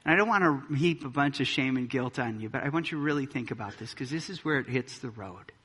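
A man's voice: mid-range voice, animated, fast, bright, forceful tone, slightly rough, in a large hall. A man preaching a sermon as pastor, emphatic and full of pointed rhetorical questions. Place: church sanctuary.

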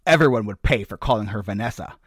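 A man's voice: lowish voice, expressive, quick pace, breathy edge, dry recording, clean studio sound. A man co-hosting a podcast, telling made-up game lore in a mock-dramatic way and laughing at his own jokes. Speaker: podcast co-host. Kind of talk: comedic lore storytelling.

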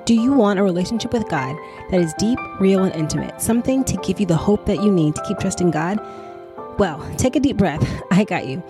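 A woman hosting a faith podcast, talking in an earnest, conversational, animated way to her listeners. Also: medium pitch, a little fast, music in the background. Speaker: podcast host.

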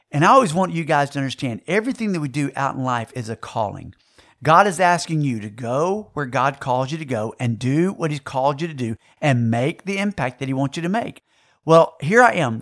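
A man, preaching a sermon and telling a personal story, with dramatic shifts in loudness and pace. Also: a little high.

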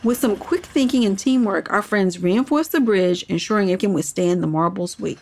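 A woman's voice: medium pitch, normal speed, creaky, darkish tone. A woman narrating a children's story podcast and hosting the show. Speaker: narrator and host.

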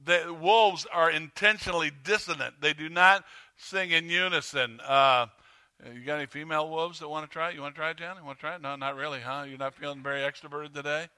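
A man preaches to his congregation in a loose, conversational way, stumbling through fillers and restarts before lifting his voice to stir them up. His tone is very bright and forward, sitting a little higher than most men's. He sounds like a pastor in a church sanctuary. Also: fairly even intonation, brisk, smooth. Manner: rises in pitch and volume when stirring the congregation. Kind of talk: sermon.

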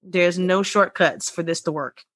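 A woman, co-hosting a podcast in relaxed, laughing banter. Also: on the low side, measured pace. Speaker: podcast co-host. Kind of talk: casual chat.

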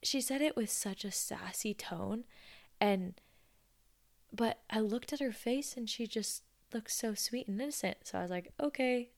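A woman's voice: medium pitch, measured pace, gravelly. A woman in her twenties telling stories in a chatty, sarcastic, casual way. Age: 20s. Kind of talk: casual storytelling.

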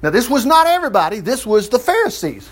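A man preaching a sermon, reading scripture and commenting with animated exclamations. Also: very high voice, quick pace. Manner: animated, exclaiming and chuckling between verses. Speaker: preacher teaching from the Bible.

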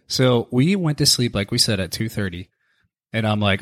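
A man with a somewhat low voice tells a story in a casual podcast chat. He acts out both sides of the exchange with lively energy. The sound is dry and close, with no room echo. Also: normal speed. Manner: animated storyteller, acting out quoted exchanges. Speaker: podcast guest, a host's husband.

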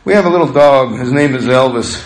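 A man preaching a sermon as pastor, talking in a conversational, animated way and telling stories with laughter. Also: mid-range voice, a little fast, roomy sound, rough recording.

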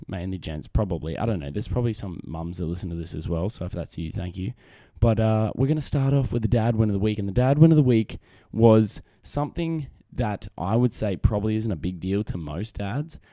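With a lowish, dark-toned voice, a young Australian man rambles through his casual solo podcast, self-deprecating and full of restarts and fillers. A desk microphone on camera captures a dry, studio-quality recording.

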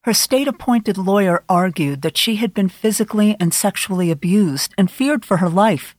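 A woman narrating an audiobook in a measured, grave storytelling manner. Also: mid-range voice, a little mellow, no room sound, studio quality. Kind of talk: scripted narration.

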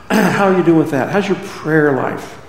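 A man's voice: a little high, unhurried. Preaching man in an echoey hall. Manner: conversational preaching with rhetorical questions. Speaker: pastor. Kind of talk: sermon. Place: church sanctuary.

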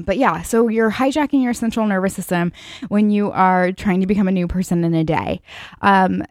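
Late-twenties woman hosting a motivational podcast; slightly low voice, dry sound, girlfriend-chat tone with swearing. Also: a little mellow, no echo. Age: late 20s. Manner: chatty, swears freely, bursts of hype. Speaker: podcast host.

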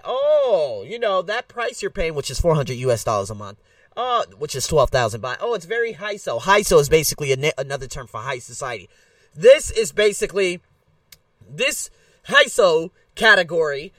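A man hosting his own solo podcast, ranting in a blunt, animated way. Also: sits high, no room sound, clean studio sound, recorded from a distance. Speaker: podcast host. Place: Bangkok.

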